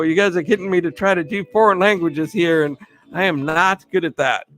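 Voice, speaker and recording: A man's voice: fairly high pitch, fairly bright tone. Upbeat man hosting a live stream. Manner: upbeat, greets viewers by name, laughs often. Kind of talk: casual live stream shout-outs.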